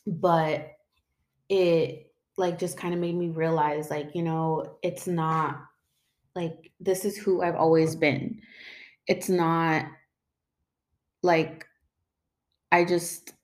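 A woman's voice: fairly low pitch, little pitch movement, slow pace, pauses often, a little mellow. A young woman telling a personal story in a loose, rambling way, full of fillers like "like" and "um" and casual swearing.

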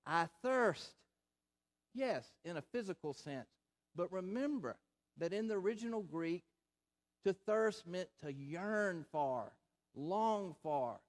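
High-voiced man preaching slowly. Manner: slow, deliberate preaching with emphatic repetition. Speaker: pastor. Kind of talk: sermon.

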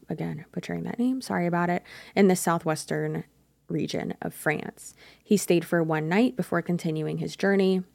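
A woman's voice: on the low side, creaky, darkish tone, no room sound, clean studio sound. A young adult woman hosting a true crime podcast, talking casually and speculating, often stopping to correct herself. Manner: chatty, speculative, self-correcting.

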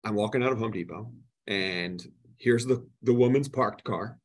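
A man, a podcast guest, telling stories in a casual and animated way. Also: on the low side, moderate pace. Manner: animated, retells heated exchanges. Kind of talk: casual storytelling.

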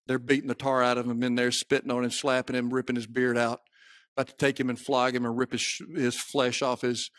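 A man with a Southern US accent preaching a sermon, moving from quiet storytelling to shouted peaks. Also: mid-range voice, no room sound, studio quality. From Southern United States. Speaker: pastor.

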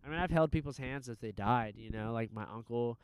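A man's voice: mid-range voice, brisk, slight background noise. Man telling a profane story. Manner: profane, animated storytelling with many fillers. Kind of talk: casual chat.

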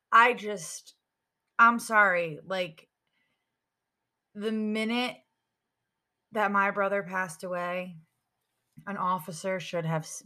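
A woman giving an emotional personal account to an interviewer, halting, with many fillers and restarts. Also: on the low side, bright, forceful tone. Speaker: interviewee, sister of a murder victim.

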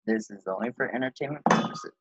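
A man's voice: mid-range voice, fast, background noise. A young man co-hosting a casual podcast, talking hesitantly with many fillers. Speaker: podcast co-host. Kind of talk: casual chat. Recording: dull lo-fi recording.

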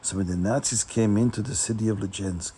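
A man telling a story to a young audience in an earnest, dramatic way, slowing down for emphasis. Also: lowish voice, mellow, a little hiss or hum.

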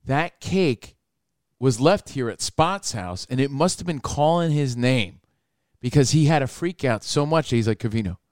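A man's voice: mid-range voice, animated, measured pace, dry recording, studio quality. A man hosting a talk radio show, telling crude joking stories in casual banter.

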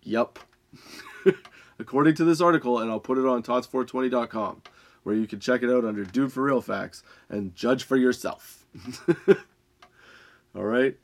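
A young adult man, high and laughing often, reading odd facts and ranting with a lot of swearing. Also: normal speed, pauses often. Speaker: podcast host. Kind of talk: casual stoned rant.

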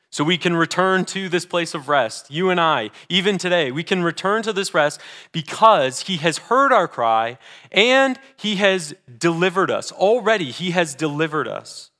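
A man preaching a sermon as pastor, earnest, moving between emphatic declarations and hushed, slower readings of scripture. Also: a little high, vocal fry. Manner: reads scripture slowly and deliberately.

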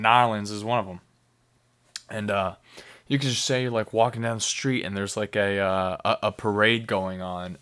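A young man with a fairly low, slightly bright voice hosts a laid-back beer-review podcast. He rambles loosely, swears freely, and keeps a playful energy throughout.

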